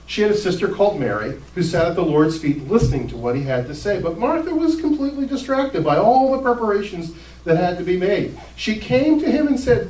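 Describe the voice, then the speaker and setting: A male pastor delivers a sermon in a casual, conversational way, animatedly acting out the people in his story with quoted lines. His voice sits high and moves briskly. The distant mic catches a roomy hall with faint ambience.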